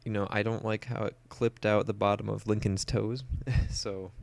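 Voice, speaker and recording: A man's voice: fairly low pitch, flat delivery, normal speed, gravelly, darkish tone, dry recording. A young man talking casually through a photo editing tutorial, explaining each step with plenty of "uh" and "um". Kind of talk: screen-recorded software tutorial.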